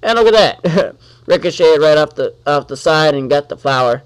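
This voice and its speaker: A man giving let's-play commentary on his gameplay, talking to the enemies on screen and quickly getting annoyed. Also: fairly high pitch, animated, clear, resonant tone. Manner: talks to the enemies on screen, easily annoyed, exclaims.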